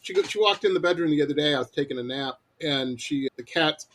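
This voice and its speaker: A man's voice: a little high, fast talker, poor audio. A middle-aged man hosting a radio interview, chatting casually and acting out his own rants as he tells stories. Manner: animated storyteller, acts out his own rants. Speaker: radio show host.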